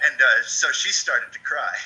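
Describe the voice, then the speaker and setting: Animated joking man, bright voice. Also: mid-range voice, slight background noise, poor audio. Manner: animated storyteller, jokey exaggeration. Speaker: podcast co-host. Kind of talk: casual chat.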